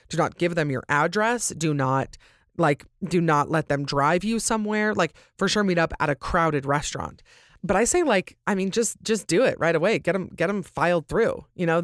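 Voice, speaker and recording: A young woman hosting a podcast, reading listener stories and chatting casually, full of "like" and quick jumps in pitch, now and then clearing her throat. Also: dry recording, studio quality. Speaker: podcast host.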